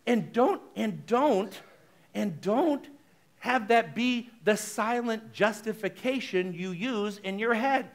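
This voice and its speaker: High-voiced chatty male minister. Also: slow. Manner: chatty, frequently asks the congregation "right?"; animated, shifts between loud exclamations and soft asides. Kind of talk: conversational sermon.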